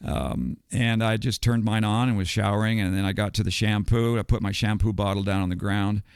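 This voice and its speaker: Speaking a little fast with a lowish, smooth voice and fairly even intonation, an older man from the US wanders through a long story as a podcast guest, chuckling between details. It's casual storytelling, recorded clean in a studio with no room sound.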